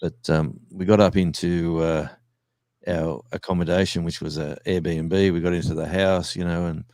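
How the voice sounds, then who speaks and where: A middle-aged man with an Australian accent and a very low voice spins a rambling, animated story with voiced quotes. The sound is dry and close, with little room around it. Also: normal speed, no room sound. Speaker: touring musician. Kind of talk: casual storytelling chat.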